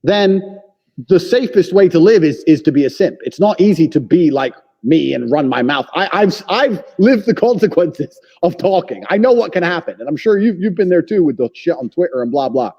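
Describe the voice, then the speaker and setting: A man as a podcast guest, talking bluntly and forcefully with lots of swearing and emphatic claims. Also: a little high, expressive, normal speed. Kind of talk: blunt opinionated conversation. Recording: long reverb, dull lo-fi sound.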